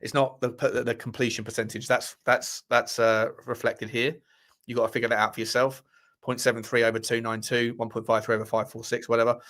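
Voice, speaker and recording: This football fan channel host speaks briskly in a level, mid-range voice with a slightly bright quality. Running his livestream, he keeps things casual, wanders off topic, fixes his own slips and trades jokes with viewers in the chat.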